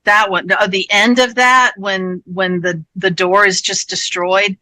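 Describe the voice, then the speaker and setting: Bright-voiced woman retelling a story. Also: medium pitch, fairly even intonation, measured pace, low-quality recording. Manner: chatty, retells stories with warmth and many fillers. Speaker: panelist. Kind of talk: convention panel discussion.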